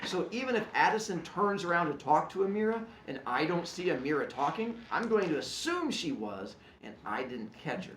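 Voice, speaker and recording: A man teaching and explaining classroom rules in an animated, joking way, acting out his students. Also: fairly high pitch, normal speed, few pauses, echoey room, a little hiss or hum. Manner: animated, jokey, acts out students.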